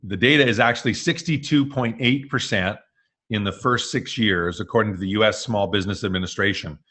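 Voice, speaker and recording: A man's voice: on the low side, brisk, bright, forceful tone, breathy edge. A man hosting a live webinar masterclass, talking in an upbeat, jokey way with fillers. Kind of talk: energetic presenting.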